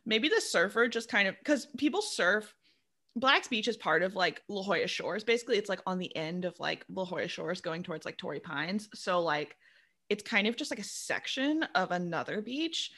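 A woman's voice: mid-range voice, animated, moderate pace, bright, forceful tone. A woman co-hosting a casual chat show, laughing often and filling her talk with "like". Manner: giggly, says "like" a lot. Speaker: podcast co-host.

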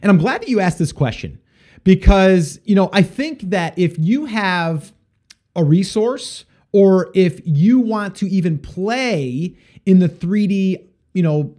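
High-voiced rambling male podcast host. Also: expressive, slow pace, warm tone. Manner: rambling, with frequent fillers and restarts. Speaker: podcast host answering listener questions. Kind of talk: casual solo podcast advice.

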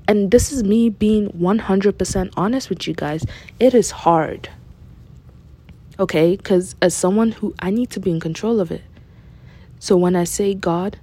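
Woman doing a slow heartfelt faith talk, kinda low voice, repeats herself to drive it home. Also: a little mellow, slightly rough. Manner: earnest, candid, repeats phrases for emphasis. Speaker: faith podcast host. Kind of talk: personal devotional talk.

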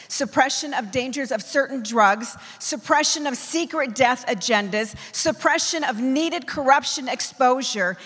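A woman apostle preaching a forceful, declamatory sermon to her church, driving home her points in emphatic lists. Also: on the high side, in a large hall.

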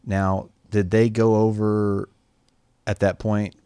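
Deep-voiced man host, dry sound. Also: little pitch movement, slow, warm tone, smooth, no room sound. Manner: supportive, short interjections. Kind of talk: casual conversation.

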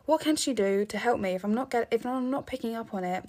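On this podcast, an English girl in her teens talks quickly in a fairly high, somewhat mellow voice. Her casual monologue wanders, packed with filler words and false starts, and she comes across as weary.

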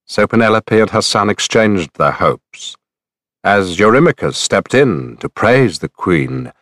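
A man narrates an epic poem in a measured, storytelling voice. His pitch sits low. The recording is dry and close, with no room sound. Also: animated, fairly bright tone, dry recording.

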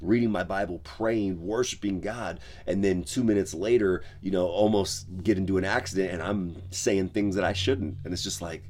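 A man's voice: low voice, moderate pace, few pauses, a little mellow. A man who is a pastor, giving a casual devotional talk on a podcast, loose and conversational with many fillers. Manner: conversational, lots of "like" and "you know".

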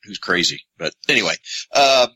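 A man's voice: low voice, sing-song, normal speed, pushed and bright, husky, low-quality recording. A man co-hosting a movie podcast, rambling and restarting as he thinks aloud. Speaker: podcast co-host. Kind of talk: casual podcast chat.

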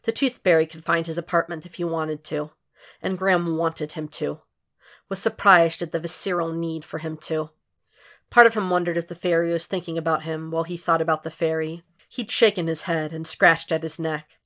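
Woman reading a story, low voice. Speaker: audiobook reader. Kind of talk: fan fiction audiobook narration.

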